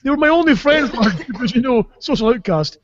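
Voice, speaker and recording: A man's voice: extremely high pitch, lively intonation, a little fast, muffled recording, a loud crowd. Sweary Scottish man telling stories. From Caithness, Scotland. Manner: sweary, rambling, laughs through his stories. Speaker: podcast co-host. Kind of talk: casual comic storytelling.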